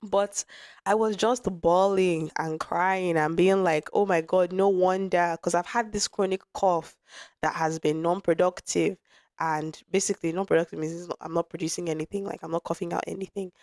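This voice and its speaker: A young woman hosts her podcast, speaking frankly and chattily, often restarting mid-thought. Her voice sits on the low side and carries a slight wear from a lingering cough. The recording is close and dry, with no room sound. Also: fairly even intonation, moderate pace, a little mellow, no echo. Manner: frank, conversational, with frequent restarts and asides. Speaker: podcast host. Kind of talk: candid personal storytelling.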